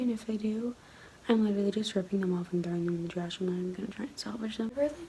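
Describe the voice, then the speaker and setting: A teenage girl filming a get-ready-with-me vlog, talking in a rushed, chatty way and often half-whispering. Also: fairly even intonation. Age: teens. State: out of breath. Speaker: vlogger. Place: home, early morning. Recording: low audio with loud background noise.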